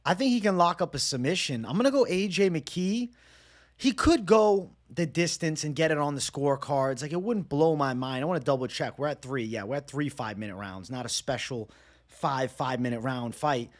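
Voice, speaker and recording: A man giving a casual solo breakdown of fight picks and betting odds, energetic and slangy in a conversational way. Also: a little high, normal speed. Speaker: MMA betting analyst.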